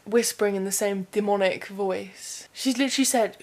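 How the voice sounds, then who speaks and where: A woman's voice: mid-range voice, normal speed. Laughing young woman telling travel stories. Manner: laughs often, animated retelling. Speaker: vlogger. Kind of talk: casual storytelling chat.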